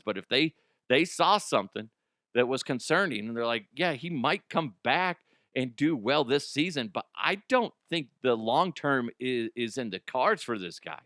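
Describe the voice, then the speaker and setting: The sports radio host here has a medium pitch and a fairly bright tone, recorded dry at studio quality. Hosting a casual talk show, he reads a sponsor ad while joking, mocking himself, and breaking into silly voices.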